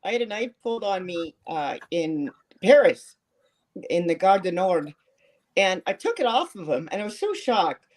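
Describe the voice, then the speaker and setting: Lively, laid-back storyteller. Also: mid-range voice, normal speed. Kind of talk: casual banter.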